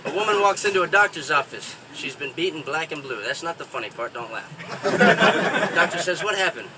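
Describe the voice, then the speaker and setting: A man's voice: on the high side, animated, moderate pace, recorded from a distance, very noisy. A man doing stand-up, telling bar jokes in a folksy way and chuckling at his own punchlines. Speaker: stand-up comedian.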